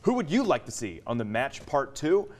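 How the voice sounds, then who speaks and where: A man's voice: mid-range voice, very animated, normal speed, darkish tone. A young man from Texas co-hosting a sports debate show, arguing his picks with stats and a lot of "look" and "okay". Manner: argumentative, stat-heavy, keeps saying "look" and "okay".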